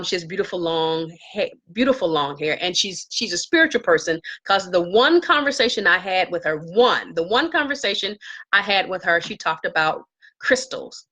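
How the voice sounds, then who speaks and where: A woman casually telling a story to live viewers from her home, acting out quoted lines in a higher voice. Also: poor audio. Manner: animated, acts out quotes in a high voice. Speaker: live-stream vlogger. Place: home with herbs around.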